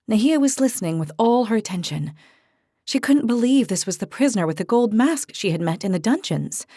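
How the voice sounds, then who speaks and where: A woman narrating a fantasy audiobook in a calm, even storytelling manner. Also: medium pitch, dry recording, clean studio sound.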